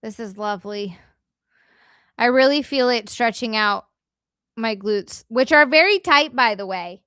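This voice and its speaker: A high-voiced woman hosts a loose, playful livestream from home, chatting with viewers and walking them through stretches. She jokes, swears freely, and sounds a little winded from exercising. The sound is dry and close on a headset mic. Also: unhurried, sharp tone, clean tone, no echo. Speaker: livestream host. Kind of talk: casual livestream chat with exercise demo.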